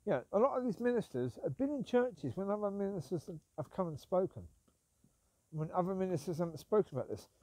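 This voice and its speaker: A man's voice: high-pitched, animated, fairly quick, mellow, dry recording. Man musing while walking dogs. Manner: rambling, calls out to his dogs between points. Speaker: Christian talk vlogger. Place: outdoors on a walk.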